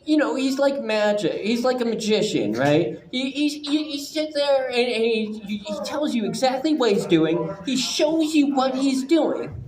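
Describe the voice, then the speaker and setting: A man telling a personal story to a live audience, animated and profane, stumbling through frequent restarts. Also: very high voice, a little slow. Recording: echoey room with audience noise.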